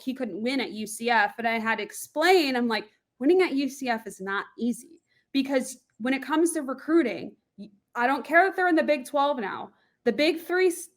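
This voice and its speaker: Lively, laughing young woman guest. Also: fairly high pitch. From Florida. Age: young adult. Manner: lively, quick, laughs often, animated asides. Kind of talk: casual interview chat.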